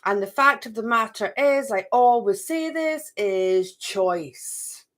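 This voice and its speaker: A woman's voice: a little high, expressive, slow pace, fairly bright tone. A middle-aged woman giving a live card reading to viewers. She chats, talks to herself and repeats phrases. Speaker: card reader.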